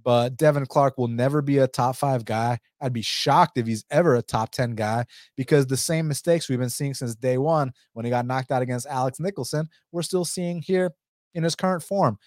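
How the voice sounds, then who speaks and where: Profane, animated man breaking down fights. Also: medium pitch, normal speed, no room sound, studio quality. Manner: animated, blunt, profane, lots of filler. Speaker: MMA betting analyst. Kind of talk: casual fight breakdown and picks.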